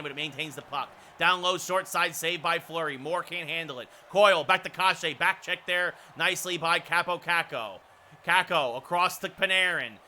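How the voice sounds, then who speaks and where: Bright-voiced man calling hockey play-by-play. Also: fairly high pitch, slight background noise. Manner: excitable play-by-play calls, with asides to chat. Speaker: streamer doing play-by-play of a hockey video game. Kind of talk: sports play-by-play commentary.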